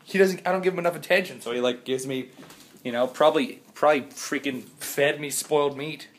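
A man chatting in a rambling, jokey vlog from his house, still sick, swinging from loud outbursts to mumbles. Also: fairly high pitch, a little fast. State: sick, congested. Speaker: vlogger. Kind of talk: casual vlog chat.

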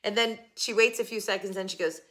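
A woman's voice: mid-range voice, steady tone, fast, fairly bright tone. An older woman chatting casually to camera about her shopping haul, giggling and joking with someone off camera. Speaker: haul vlogger.

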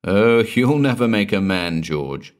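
Hearty, blustering stout traveller, lively delivery, played by a man. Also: lowish voice, takes it slowly. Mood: brusque.

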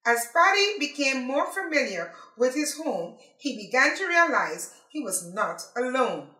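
A woman reading a children's picture book aloud as a library storyteller, in an expressive, animated way. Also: sits high, a little slow, echoey room, low-quality recording.

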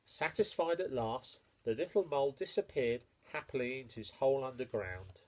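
A man reading a children's picture book aloud, expressive and playful with the sound words. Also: mid-range voice, moderate pace. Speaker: storyteller.

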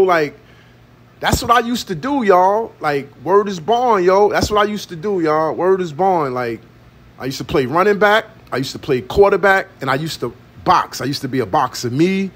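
A man's voice: high-pitched, a bit bright, slightly rough. A young man, ranting profanely into his phone in a rambling, repetitive vlog. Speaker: vlogger. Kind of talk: casual ranting monologue.

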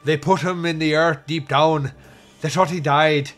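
A man voicing a creepy, ominous male church verger, speaking loudly and with foreboding. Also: fairly high pitch, fairly even intonation, measured pace, soft background music. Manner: loud, raised, foreboding delivery.

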